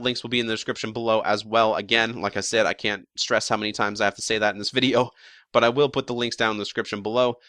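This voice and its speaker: Young guy vlogging, bright tone, rambly with lots of ums and the odd curse, dry room. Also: mid-range voice, no room sound. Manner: rambling, many fillers and restarts; casual with some swearing. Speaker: YouTube show commentator. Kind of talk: casual episode prediction vlog.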